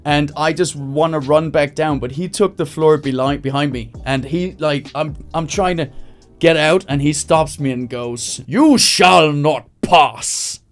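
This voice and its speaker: A man's voice: moderate pace, faint music behind. Man brainstorming jokes aloud on a stream. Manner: acts out bits in high screaming voices, laughs at own jokes. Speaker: comedian. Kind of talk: live-streamed joke writing, thinking aloud. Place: home streaming setup.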